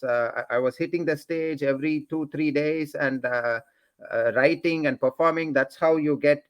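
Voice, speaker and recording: Joking man with an Indian accent. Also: a little high. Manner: joking, repeats words, quick bursts. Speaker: comedian guest. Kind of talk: casual talk show interview.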